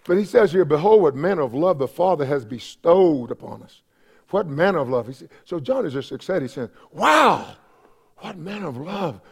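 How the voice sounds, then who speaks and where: A man preaching in a church with a high, gravelly voice. He swings between emphatic, ringing declarations and quiet, hushed asides, stressing key phrases and repeating them for effect. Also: lively intonation, a little fast. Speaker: pastor. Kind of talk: sermon.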